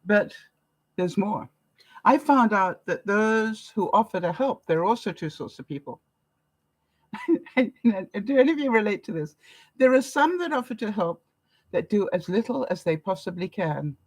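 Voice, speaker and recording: An older Canadian woman with a husky, medium-pitched voice chats with her viewers in a casual vlog, recorded dry and rough. Talking to camera, she tells stories, laughs often, and swings lively in loudness.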